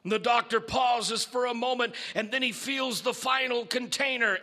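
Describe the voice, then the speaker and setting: A man preaching a sermon, telling a story in a theatrical, slow manner. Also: very high-pitched, fairly even intonation, pushed and bright.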